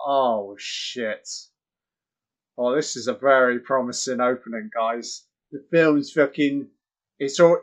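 A man giving crude, excitable, mocking live commentary on a horror film. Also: mid-range voice. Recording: dull lo-fi audio.

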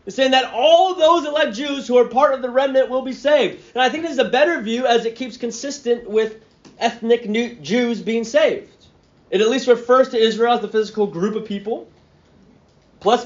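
A man preaching an expository sermon in a conversational way, often checking in with his listeners and restarting phrases as he thinks. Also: high-pitched. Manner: conversational, checks in with "right?" and "okay?"; stammers and restarts mid-phrase. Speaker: pastor. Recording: dull lo-fi sound.

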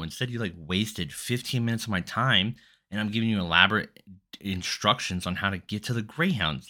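A man's voice: on the low side, fairly quick. A man hosting a solo podcast, telling a story in a rambling, profane and exasperated way. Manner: animated, exasperated. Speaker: podcast host.

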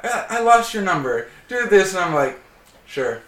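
Guy telling a story on a podcast, bit high voice, echoey room. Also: moderate pace. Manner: animated storyteller, acts out quotes. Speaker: guest. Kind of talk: casual storytelling chat. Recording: echoey room, distant mic.

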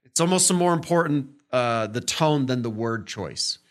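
A man hosting a podcast, talking casually as he teaches. He keeps checking in with "right?" and "okay?" and slips into short acted-out examples to show different tones. His pitch sits in the middle for a man. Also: lively intonation, a little slow, fairly bright tone. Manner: conversational, full of fillers and "right?" check-ins. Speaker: podcast host.

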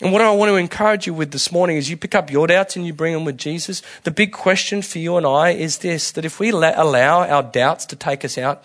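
A man's voice: on the high side, quick pace, few pauses. Candid, colloquial male preacher. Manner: candid, colloquial, with frequent restarts and swings in loudness. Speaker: pastor. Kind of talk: conversational sermon.

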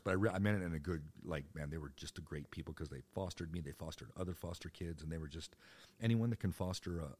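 A man's voice: a bass voice, breathy edge. A man in his fifties telling stories from his youth in a rambling, joking way, with the odd swear. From United States. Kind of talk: personal storytelling monologue.

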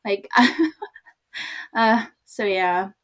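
A woman's voice: medium pitch, lively intonation, very slow, a bit bright. A woman born in Korea, talking casually and animatedly, laughing often and using many fillers. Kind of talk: casual chat.

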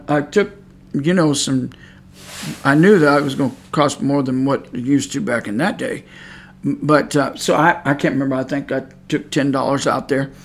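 A middle-aged man hosting a preaching podcast, moving from folksy chat to loud, fervent preaching. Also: mid-range voice. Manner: folksy, swings from quiet chatting to loud preaching.

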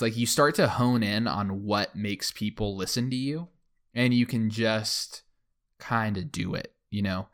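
A man's voice: on the low side, unhurried, a bit bright. A young man hosting a podcast in casual chat, rambling with many fillers. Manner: rambling, lots of fillers like "like" and "you know". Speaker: podcast host.

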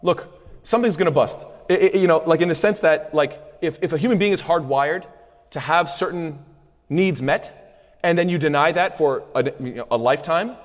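A man teaching a lecture on hadith, conversational and quick, with frequent restarts and phrases mixed in. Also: fairly high pitch. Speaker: Islamic studies teacher. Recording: long hall reverb.

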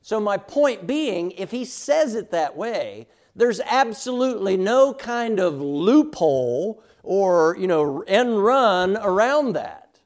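A middle-aged Sunday school teacher leads a Bible class with emphatic conviction, frequently checking in with his listeners. He reads verses slowly, stressing each word, in a high, sing-song voice that rises and falls widely.

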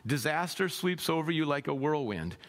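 A man preaching a sermon as pastor, animated, acting out voices in his quotes and swinging between loud rises and quiet drops. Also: a little high, moderate pace. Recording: long hall reverb.

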